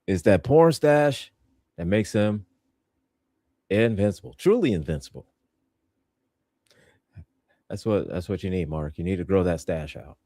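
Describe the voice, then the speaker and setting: A man's voice: sits low, expressive, measured pace, pauses often, dark tone, dry recording, studio quality. A man hosting a podcast, reviewing a show in casual, joking chat. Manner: playful, joking, laughs a lot. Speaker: podcast host.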